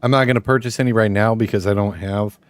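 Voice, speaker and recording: A man's voice: fairly low pitch, fairly even intonation, fast. A young man streaming a game live, chatting off the cuff with lots of swearing and jokes. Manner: profane, joking, off-the-cuff. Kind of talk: casual gaming live stream commentary.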